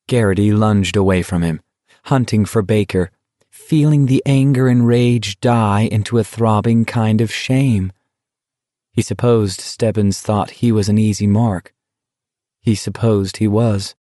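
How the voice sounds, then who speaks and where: A man narrates a novel in a measured, even reading. His voice sits low. The recording is close and dry, with no room sound. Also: no echo. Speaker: audiobook narrator. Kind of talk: scripted narration.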